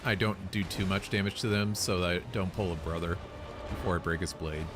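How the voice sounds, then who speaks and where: A man casually commenting on his gameplay run, relaxed and rambling with lots of fillers. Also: low-pitched, fairly quick, noisy background. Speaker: gamer explaining his run. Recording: voice over loud game music.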